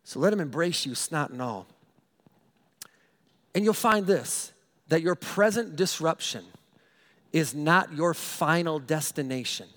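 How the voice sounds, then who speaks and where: A middle-aged man, a pastor, telling a funny personal story in a sermon, animated and self-mocking, often repeating his words. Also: a little high, measured pace, long pauses.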